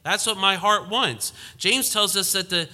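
A man preaching a sermon with a very bright, tense tone and a somewhat high voice. He presses hard on key phrases, then drops to near-whispered scripture, and now and then mocks quoted sayings in a lighter voice. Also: measured pace, in a large hall. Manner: animated, mocking quoted lines in a lighter voice; rises to emphatic force, drops to hushed tones.

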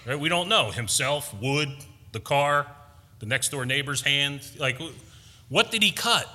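A man preaches with a high, bright, ringing voice, pressing hard on key words and slipping in playful asides. His voice carries a long reverb, as in a big hall. The delivery swings between teaching and rising fervor. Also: expressive, a little slow. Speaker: pastor. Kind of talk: sermon.

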